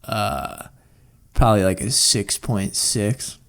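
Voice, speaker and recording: A man's voice: fairly low pitch, takes it slowly, gravelly, a bit bright. A young man co-hosting a podcast, joking and rambling in crude casual chat. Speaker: podcast co-host.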